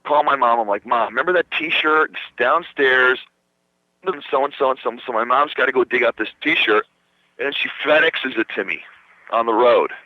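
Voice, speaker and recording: Speaking at a moderate pace in a mid-range voice, a guest guitarist from Minnesota recounts a long story from backstage during a relaxed radio chat. He acts out everyone's voices and swears without a second thought. There's no room sound, just a dull, dry radio studio recording.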